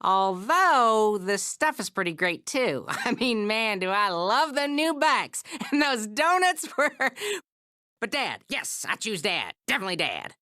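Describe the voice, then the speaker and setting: A woman's voice: mid-range voice, big pitch swings, measured pace, bright, forceful tone, dry recording, studio quality. A woman voicing a giddy young cartoon kid with a bubbly, giggly manner. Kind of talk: cartoon voice acting.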